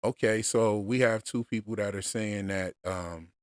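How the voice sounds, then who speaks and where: Deep-voiced, slow-talking male livestreamer. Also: no echo, studio quality. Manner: relaxed, unhurried, with many fillers and restarts. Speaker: streamer discussing show theories. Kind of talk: casual livestream chat.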